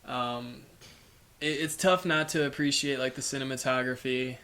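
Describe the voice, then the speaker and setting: Male podcast co-host, even and level delivery, thoughtful casual film talk. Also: medium pitch. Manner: measured, hesitant, many fillers. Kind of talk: casual film review chat. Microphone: podcast microphone.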